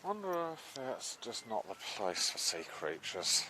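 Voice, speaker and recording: A man chatting casually on a live stream from a beach, excitable and sometimes dropping to a hushed voice. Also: on the low side, unhurried, a little hiss or hum. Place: outdoors on a beach at low tide.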